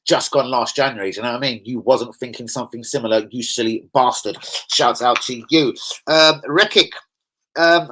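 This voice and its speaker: Excitable slangy football fan. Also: male voice, fairly high pitch, rough recording. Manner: excitable, slangy, swearing rants. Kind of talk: casual fan chat.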